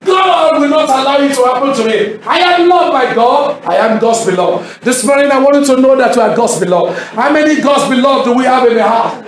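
A man from Nigeria preaching a sermon as a pastor, emphatic, often shouting and repeating his calls to the congregation. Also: extremely high pitch, lively intonation, brisk, few pauses, a little hiss or hum. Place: church hall. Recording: echoey hall with music behind. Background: instrumental music.

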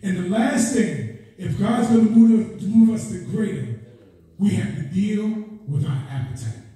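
A man preaching a sermon in a passionate, repetitive cadence, rising to shouts and often crying out "oh God" between phrases. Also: high voice, lively intonation, a little slow. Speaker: guest preacher. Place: church sanctuary. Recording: echoey church from far off.

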